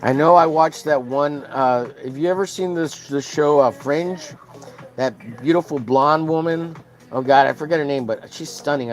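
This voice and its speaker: A man from Texas streaming while he draws, chatting casually and rambling through stories with many fillers. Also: medium pitch. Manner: rambling, filler-heavy storytelling. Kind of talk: casual chat while drawing live.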